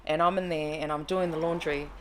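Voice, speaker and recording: A woman in her thirties chatting on a podcast, telling a personal story in an animated way and acting out the quotes. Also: deep voice, brisk, a little hiss or hum. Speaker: podcast guest. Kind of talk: casual conversation, storytelling.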